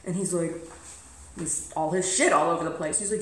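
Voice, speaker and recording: A woman's voice: lowish voice, brisk, a bit bright. A woman vlogger telling a personal story in a blunt, emphatic way, swearing freely. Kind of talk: casual storytelling to camera. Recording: roomy echo.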